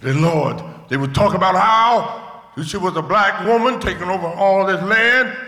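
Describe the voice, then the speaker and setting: Older male preacher, high gravelly voice, very bright, sermon testimony; hushed to shouting; long church reverb. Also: unhurried. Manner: swings from hushed storytelling to shouted rejoicing. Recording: echoey hall with long reverb.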